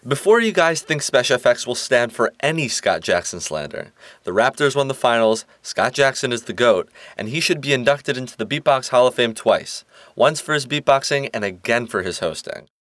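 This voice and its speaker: Male host-narrator, mid pitch, playful and emphatic, dry close sound. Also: animated, moderate pace, a bit bright, dry recording. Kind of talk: scripted narration.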